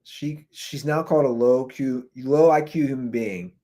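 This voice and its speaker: A man's voice: medium pitch, measured pace, background noise. A man in his thirties hosting his own podcast, ranting casually about a viral video and often saying "dude" and "man". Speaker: podcast host. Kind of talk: ranting commentary. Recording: recorded through a computer mic.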